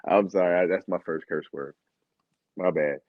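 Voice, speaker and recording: A low-pitched American man, once an Olympic sprinter and now a comedian, tells comic stories with animation and laughter, playing out the dialogue. There's no echo, and the audio sounds dull and dry.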